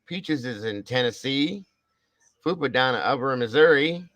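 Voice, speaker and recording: A man's voice: mid-range voice, expressive, normal speed, no echo, rough recording. A man hosting a casual livestream, reading out where viewers are from in a chatty, upbeat way with casual swearing. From Ohio. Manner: reads out viewer shoutouts, chatty. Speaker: livestream host.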